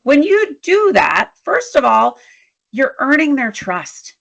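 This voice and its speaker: A woman interview guest, a leadership strategist, telling work stories in an animated, emphatic way. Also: high voice, slow pace, creaky. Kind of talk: storytelling in a conversational interview.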